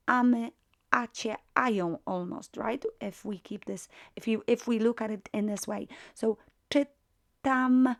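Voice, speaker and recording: A woman's voice: a little high, gravelly. A woman teaching a language lesson, patiently repeating and drilling each word form. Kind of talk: slow explanatory lesson.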